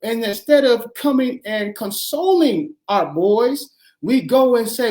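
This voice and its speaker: A man's voice: very high voice, lively intonation, slow, a little mellow. Emphatic man repeating his points. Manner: emphatic, repeats phrases, many fillers. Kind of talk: earnest advice talk.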